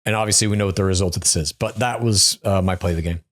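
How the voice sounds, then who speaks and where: A man's voice: sits low, rapid-fire. A man co-hosting a podcast, recapping a reality show in a casual, joking way. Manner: joking, quotes cast members in silly voices. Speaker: podcast co-host.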